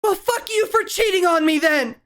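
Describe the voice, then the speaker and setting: A man voicing an angry, crying, foul-mouthed woman in a tabletop game, in a high put-on voice. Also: normal speed, no echo, studio quality. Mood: furious. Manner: shouting curses.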